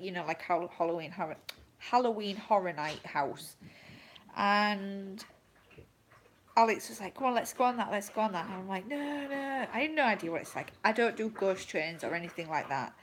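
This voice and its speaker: A woman's voice: on the low side, a little hiss or hum, rough recording. A woman, a vlogging mother, chatting on a casual livestream and rambling through stories with many fillers. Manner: rambling, filler-heavy storytelling with laughter.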